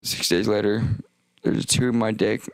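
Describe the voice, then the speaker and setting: A young man with a deep, gravelly voice full of vocal fry rambles through a profane livestream monologue. He keeps breaking off mid-sentence and circling back. The sound is close and dry, with no room around it. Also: flat delivery, normal speed, no room sound. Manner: rambling, profane, self-interrupting. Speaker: streamer.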